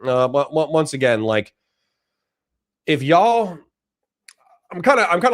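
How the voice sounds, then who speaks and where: A tired man talks casually on a livestream, wandering through his thoughts with frequent fillers and false starts. His voice sits at an ordinary pitch. The sound is dry and close, with almost no room echo. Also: animated, a little fast. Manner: rambling, candid, many fillers and restarts. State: tired, yawning. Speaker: streamer host reading chat.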